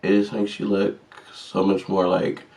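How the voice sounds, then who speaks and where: A man's voice: low-pitched, completely flat delivery, a little slow, gravelly, a little mellow, distant mic. A man chatting casually and sassily through a makeup tutorial, joking at his own mistakes. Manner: chatty, sassy and self-deprecating. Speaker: vlogger.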